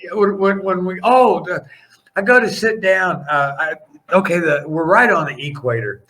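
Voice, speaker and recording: Bright-voiced man spinning wild stories. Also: high-pitched, moderate pace, poor audio. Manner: animated, rambling anecdotes with laughs and restarts. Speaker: podcast guest, former pro wrestler. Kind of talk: storytelling in a casual interview.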